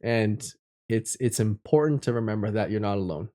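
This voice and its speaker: A man's voice: on the low side, normal speed, mellow. A man live-streaming casually, reading chat messages aloud and drawing tarot cards, reflective and encouraging, laughing often.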